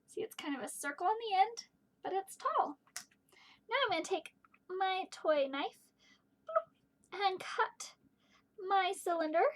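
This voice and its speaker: A woman teaching a home video lesson to young children, playful and gentle, asking them questions as she works. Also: very high voice. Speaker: kindergarten teacher.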